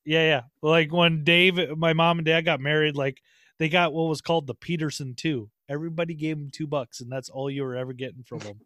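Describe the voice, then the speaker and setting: A man's voice: a little high, fairly even intonation, a little fast, sharp tone, no echo, studio quality. A man hosting a podcast in casual chat, laid-back, laughing often and swearing freely. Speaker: podcast host.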